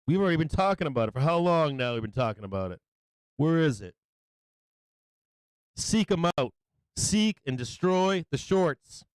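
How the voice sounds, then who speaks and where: Hyped guy calling stock moves live, slow drawn-out talk, clean dry close mic. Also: a little high, clear, resonant tone, no room sound. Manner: excitable, hyped, taunting, laughs often, repeats phrases. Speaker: stock market livestream host. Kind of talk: live market commentary.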